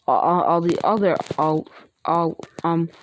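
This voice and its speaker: A woman improvising a fan-fiction story out loud, rambling and chaining "and this is where" with restarts and fillers. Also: on the low side, measured pace, slight background noise. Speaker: online video creator.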